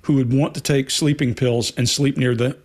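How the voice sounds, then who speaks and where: A man's voice: medium pitch, fairly even intonation, normal speed, darkish tone. Male panelist, blunt and emphatic, drives points home. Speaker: panel commentator. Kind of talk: casual commentary panel.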